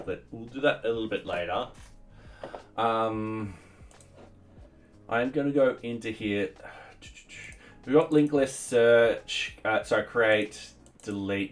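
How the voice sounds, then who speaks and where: A man giving casual think-aloud commentary as he codes at home, pausing and restarting mid-sentence and now and then chatting to his cat. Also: lowish voice. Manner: chats to his cat between tasks. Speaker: software developer streaming his coding. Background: faint music and keyboard typing.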